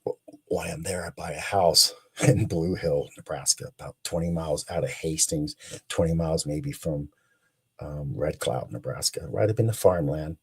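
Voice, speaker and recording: A man in his sixties, a guest animatedly telling a long story, excited and rambling with restarts. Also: very deep voice, normal speed, breathy edge. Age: 60s.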